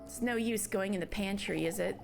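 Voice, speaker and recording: A woman reading a game's dialogue aloud in a cutesy put-on voice, as a prim young woman alone in a dark house. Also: medium pitch, a little fast, creaky, faint music behind, pitched below the performer's own voice, close to an everyday voice. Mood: wary.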